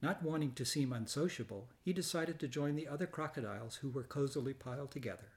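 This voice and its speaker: A man narrating a children's storybook in a gentle, measured way. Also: mid-range voice. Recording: reading over loud background music.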